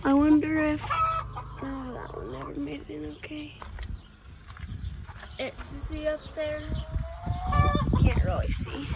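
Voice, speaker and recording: A woman's voice: high voice, little pitch movement, takes it slowly, vocal fry, long pauses. A woman filming a casual farm vlog outdoors on a phone, chatting and talking to her animals while she works. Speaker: farm vlogger. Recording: loud outdoor farm noise. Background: chickens, ducks and farm animal noises.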